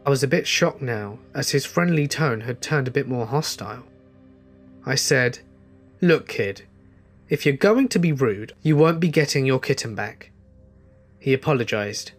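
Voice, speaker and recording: Man, horror story narration, measured and tense, mid pitch, faint music underneath.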